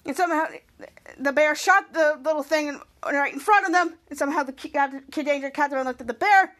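Woman podcast host with a high voice, casual and halting as she narrates scene by scene. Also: a bit bright. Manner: halting, repeats words and restarts while narrating scenes. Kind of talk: casual episode recap.

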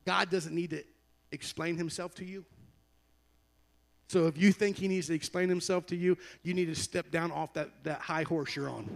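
Fervent preacher with a high, gravelly voice. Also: male voice, moderate pace, a faint crowd. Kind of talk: sermon.

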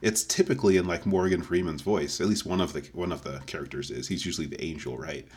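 A man's voice: sits low, fast, darkish tone. A man co-hosting a podcast, arguing playfully in casual chat and laughing often.

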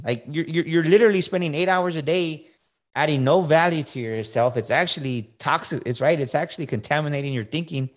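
A man's voice: medium pitch, fast talker. Emphatic middle-aged man coaching on a podcast. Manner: emphatic, repeats words, frequent "right?". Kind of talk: casual motivational talk.

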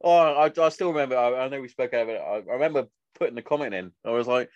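A man's voice: medium pitch, rapid-fire, no room sound, dull audio. A man chatting casually, swearing often and acting out the stories he tells. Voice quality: sweary, animated storytelling. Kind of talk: casual chat.

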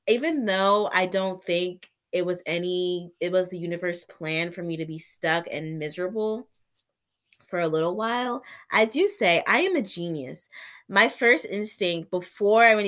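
This young woman's voice is fairly low and a bit bright. Vlogging through covid and an ear infection, she tells her story in a chatty way, leaning heavily on "like" and performing her own reactions.

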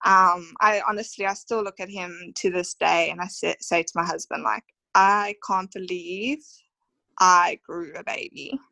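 A woman's voice: on the low side, steady tone, measured pace, creaky, sharp tone, dry recording, poor audio. A woman in her thirties with an Australian accent, telling her personal story as a podcast guest in a heartfelt, emotional way with many fillers. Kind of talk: conversational storytelling interview.

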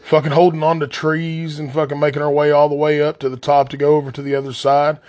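A man's voice: on the high side, level tone, quick pace, darkish tone, faint music behind. A man from the West Virginia coal fields with an Appalachian accent, hosting a podcast as a blunt, angry, heavily profane solo rant. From southern West Virginia coal fields. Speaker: podcast host.

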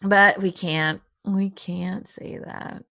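A woman's voice: medium pitch, steady tone, slow pace, creaky, fairly bright tone. A woman hosting a casual podcast chat, leading segments and laughing often. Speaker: podcast host.

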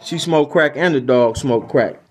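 A Detroit man hosts a podcast, telling comic stories and sharing opinions in a rambling, repetitive, emphatic style. His medium-pitched voice keeps a measured pace.

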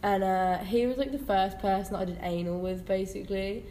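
A woman's voice: mid-range voice, brisk, slight background noise. A young woman, a podcast co-host, telling a story in casual chat, swearing freely and reliving it animatedly. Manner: sweary, laughing, animated retelling. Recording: echoey room with faint ambience.

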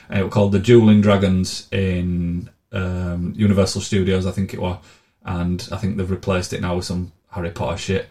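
A man's voice: low-pitched, darkish tone. A man telling blunt, sweary, sardonic travel stories in a casual monologue. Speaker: vlogger.

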